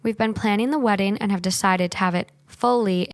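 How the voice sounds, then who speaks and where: A young woman narrating a personal story in an even, earnest way. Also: medium pitch, a little fast, no echo, clean studio sound. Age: young adult. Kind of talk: scripted narration.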